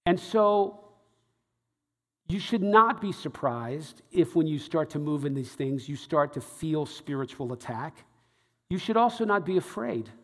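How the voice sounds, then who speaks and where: A man with a slightly high voice preaches to a congregation. He tells his story with lively energy and acts out the other people's lines as he goes. His voice rings out with the long reverb of a big hall. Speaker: pastor. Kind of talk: sermon storytelling.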